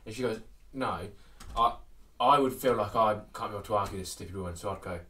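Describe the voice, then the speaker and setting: A man's voice: fairly low pitch, fast, sharp tone, far from the mic. A man co-hosting a casual podcast, laughing often and filling his talk with "like". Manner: laughing, lots of fillers. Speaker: podcast co-host. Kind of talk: casual chat.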